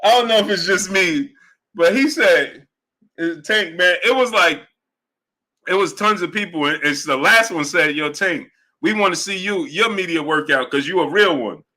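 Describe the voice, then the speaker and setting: Laughing, slangy sports show host, bright voice. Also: male voice, high-pitched, moderate pace. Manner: animated, laughs a lot, slangy, repeats himself. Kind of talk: casual livestream chat.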